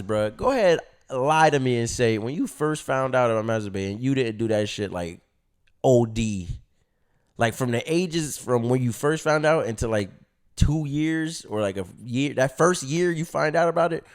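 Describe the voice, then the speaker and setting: A young man tells a story straight to the camera in loose street slang. He keeps slipping into quick impressions of his younger self, and his voice sits at an ordinary middle pitch. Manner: slangy, animated, acts out his own reactions. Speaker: vlogger. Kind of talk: casual storytelling.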